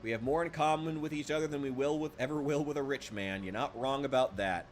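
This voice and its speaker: A man streaming a game, ranting heatedly with lots of swearing and answering his chat, often trailing off into quiet, muttered asides. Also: medium pitch, quick pace. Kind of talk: casual live-stream talk, reacting to chat.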